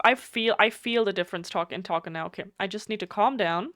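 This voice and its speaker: A talkative woman streaming a game, her German accent coming through. Her voice is smooth and clear with a slight nasal edge, and it sits close and dry on a desk mic. She chats bluntly and swears freely. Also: medium pitch, fast talker, few pauses, a bit bright, no room sound. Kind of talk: casual live stream chat.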